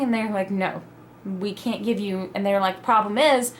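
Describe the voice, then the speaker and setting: A young adult woman telling a personal story in a casual, animated vlog style, acting out her own quoted reactions. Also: medium pitch, moderate pace, a little hiss or hum. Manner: animated, dramatic retelling with quoted asides. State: pregnant (at the time told). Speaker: vlogger.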